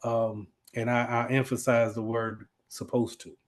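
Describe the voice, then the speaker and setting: A man's voice: medium pitch, level tone, measured pace. Man lecturing loosely on IT. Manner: conversational, many fillers and restarts. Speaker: IT instructor. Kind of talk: casual classroom lecture.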